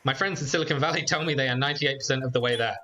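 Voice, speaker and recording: Man reading lines as an earnest candidate from a fighting game, bright forceful tone, no accent put on. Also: mid-range voice, very fast, highs cut off, lightly acted. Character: earnest male presidential candidate.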